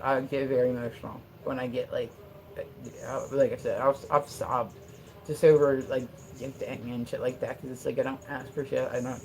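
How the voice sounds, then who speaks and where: A woman's voice: extremely low pitch, darkish tone, slight background noise. A woman live streamer rambling casually at home, full of fillers and swearing. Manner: rambling, profane, many fillers. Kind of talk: casual livestream chat. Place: at home with her dog.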